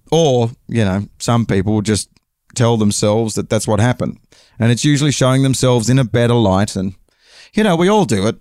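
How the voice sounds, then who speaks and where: An English man spins a casual, meandering story, full of swearing and asides where he corrects his own details. His voice is smooth and resonant, sitting at an ordinary middle pitch. The recording is dry, with no room echo. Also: a little mellow. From England. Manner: rambling, profane, self-correcting.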